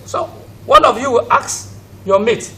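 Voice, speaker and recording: A man's voice: measured pace, pushed and bright, far from the mic, a little hiss or hum, low-quality recording. A man with a Nigerian accent teaching an English lesson. He drills pronunciation by asking questions and repeating each word. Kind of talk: recorded classroom lesson for students at home.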